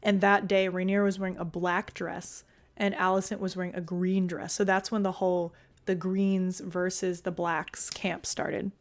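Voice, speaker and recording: A woman's voice: on the low side, level tone, normal speed. A young woman streaming and chatting casually with her viewers, loose and talkative, full of fillers and casual swearing. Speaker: streamer reading chat.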